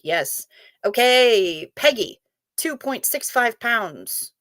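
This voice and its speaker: A woman's voice: a little high, lively intonation, slow pace, fairly bright tone, no room sound, studio quality. A woman hosting a casual livestream, chatting playfully with viewers and reading out their messages as they come in. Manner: chatty, reads chat aloud, playful, swears casually. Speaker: livestream host.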